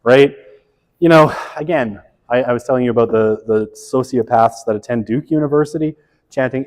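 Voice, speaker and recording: Middle-aged male instructor, chatty and self-correcting, mid-pitched, reverberant lecture hall. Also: moderate pace. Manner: conversational, lots of "right?" tag questions; self-correcting, wry asides. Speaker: college sociology instructor. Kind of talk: classroom lecture.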